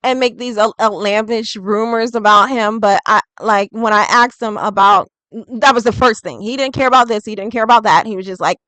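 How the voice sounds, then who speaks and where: A woman's voice: fairly high pitch, fairly even intonation, brisk, fairly bright tone, no room sound, poor audio. A woman doing a casual tarot reading vlog, chatty and rambling, full of "like". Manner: chatty and rambling, heavy use of "like". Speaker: tarot reader.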